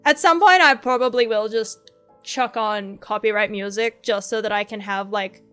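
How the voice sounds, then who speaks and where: A young woman with a high, slightly bright voice streams while she draws, talking casually into a desk mic. Her rambling is frustrated and self-deprecating.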